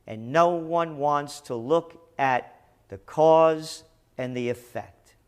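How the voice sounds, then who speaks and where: A man's voice: fairly high pitch, takes it slowly, smooth. A middle-aged man delivering opinionated news commentary, sarcastic and emphatic.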